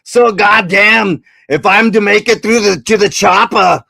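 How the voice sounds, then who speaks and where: A gruff, growly action-movie hero, as a man puts him on, pitched a little higher and louder than his own voice. The delivery is strained and slow. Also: dry recording, full character voice.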